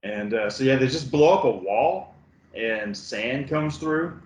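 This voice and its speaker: A man co-hosting a casual movie review chat, laid-back and halting, with many fillers and swears. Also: medium pitch, animated, roomy sound, low-quality recording. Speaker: podcast co-host.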